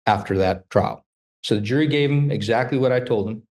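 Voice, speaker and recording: During a laid-back interview, a trial lawyer in his fifties delivers animated stories, acting out the conversations within them. His pitch is fairly low, and he talks fairly quickly.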